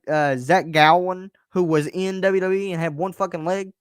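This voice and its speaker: A man's voice: high voice, steady tone, normal speed, hardly any pauses, clean tone, no room sound, clean studio sound. A young man hosting his own show, talking in a blunt, emphatic way, swearing freely and often restarting his words. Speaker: host. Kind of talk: casual personal monologue.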